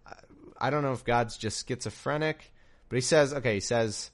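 A man's voice: medium pitch, moderate pace. A young man reading scripture aloud and breaking off into sarcastic, incredulous, rambling commentary.

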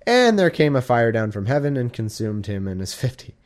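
A man's voice: medium pitch, very animated, brisk. A man reading scripture aloud in a casual, irreverent way, breaking off into joking asides and mock-dramatic quoted voices, sounding drowsy. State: drowsy, sleepy. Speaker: casual Bible reader. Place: warm room at home.

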